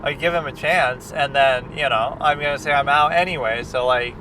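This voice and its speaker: A man with a medium-pitched voice talks at normal speed, barely pausing, in a casual reaction chat as a film critic. He rambles conversationally with plenty of fillers and restarts, recorded on a distant mic with street traffic noise.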